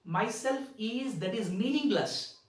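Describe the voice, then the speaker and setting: Lady teaching grammar, high lively voice, says stuff twice. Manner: slow, repetitive, stresses key words. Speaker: English teacher. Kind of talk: grammar lesson. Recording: echoey room, far from the mic.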